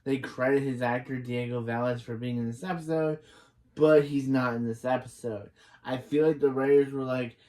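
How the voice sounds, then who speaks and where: A man's voice: mid-range voice, fairly even intonation, moderate pace, a little mellow. A man casually recapping a TV episode, reading out the characters' lines and adding his own puzzled asides. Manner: chatty, reads characters' lines aloud between puzzled asides. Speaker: TV episode reviewer.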